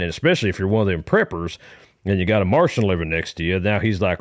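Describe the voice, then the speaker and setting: A man's voice: fairly low pitch, sing-song, fast, no echo, studio quality. A man calling in to a comedy podcast, telling a meandering story in a folksy manner with rural grammar. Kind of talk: rambling comic monologue.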